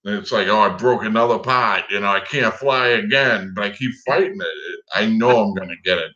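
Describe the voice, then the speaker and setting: A man's voice: on the low side, brisk, bright, forceful tone, muffled recording. A man guesting on a casual livestream chat, telling rambling stories and chuckling as he goes. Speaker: guest drone hobbyist.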